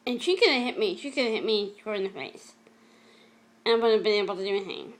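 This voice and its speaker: A middle-aged woman telling a personal story in a vlog, emotional and halting, often repeating and restarting her words. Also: mid-range voice. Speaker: vlogger.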